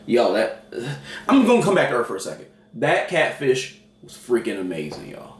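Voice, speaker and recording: A man's voice: medium pitch, huge pitch swings, normal speed. A man co-hosting a casual food review, playful and given to dramatic bursts, his voice rising and falling a lot. He sounds a bit distant from the mic in an echoey room. A faint hum of noise sits behind him.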